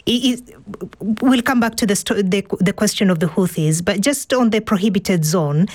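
A woman anchoring the news, putting brisk follow-up questions to a guest. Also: mid-range voice, a little mellow, husky, dry recording.

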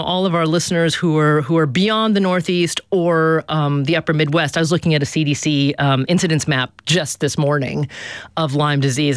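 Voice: mid-range voice, no room sound, clean studio sound. A radio show host interviewing a guest in a conversational, probing manner.

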